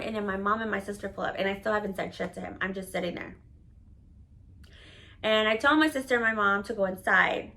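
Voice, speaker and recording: A woman's voice: mid-range voice, gravelly, bright, forceful tone. A woman vlogger telling a personal story in a casual, candid monologue. She swears freely and fills her talk with "like.". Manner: candid and profane, with many "like" fillers.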